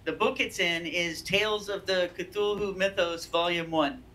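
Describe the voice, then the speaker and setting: A woman reading a story aloud at a measured pace as a guest on an informal art show. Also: fairly low pitch, a bit bright, a little hiss or hum, poor audio. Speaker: guest reader.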